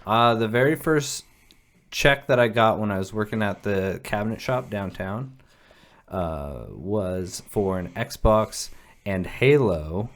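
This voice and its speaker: A man's voice: fairly low pitch, animated, slow pace. A man co-hosting a casual podcast, rambling and restarting his sentences, with casual swearing. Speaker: podcast co-host. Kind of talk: casual chat.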